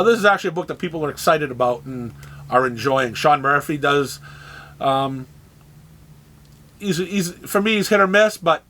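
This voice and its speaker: A man casually running through a comic shop's weekly new releases, listing titles with dry, sarcastic asides and halting restarts. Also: on the high side, bright, forceful tone, slight background noise.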